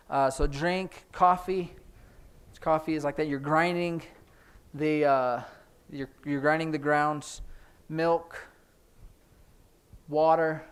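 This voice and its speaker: Brief: male sign language teacher, slightly high voice, explains as he demonstrates, hurried asides. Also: smooth. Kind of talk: classroom instruction. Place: church classroom.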